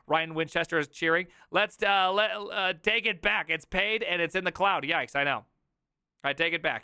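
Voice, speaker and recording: A man streaming live, reacting to a video with sarcastic rants and mock sales pitches. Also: normal speed, bright, forceful tone, clean tone, no room sound, studio quality.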